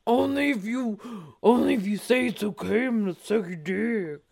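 A woman putting on a crude, brash man called Mister Biggs, loud and vulgar, without really changing her voice. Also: fairly high pitch, normal speed, creaky. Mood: crude teasing.

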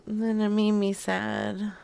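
A woman's voice: medium pitch, completely flat delivery, measured pace, creaky, warm tone, clear, resonant tone, no echo. A woman hosting a podcast, making crude, sassy prank phone calls and laughing often. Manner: sassy, brash, laughs a lot. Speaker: prank-calling podcast host.

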